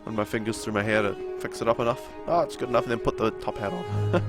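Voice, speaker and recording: A man's voice: lowish voice, animated, fast. Young man rambling over game music. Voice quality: nasal. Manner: rambling, chatty, answers viewer chat. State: sore throat. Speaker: game streamer. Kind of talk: casual chat during a live game stream.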